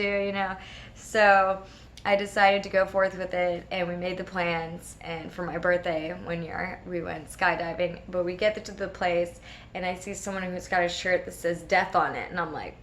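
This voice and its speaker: A woman, a regular host of a spiritual video series, telling a personal story in casual, animated talk and acting out the voices of the people in it. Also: on the low side, measured pace. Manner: animated, laughing often, acts out quoted voices.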